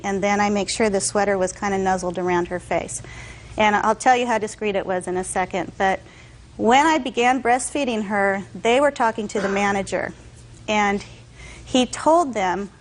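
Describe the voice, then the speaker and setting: A woman testifying as a defendant, telling her story in an animated way and acting out what others said. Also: medium pitch, poor audio. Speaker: defendant in a courtroom show.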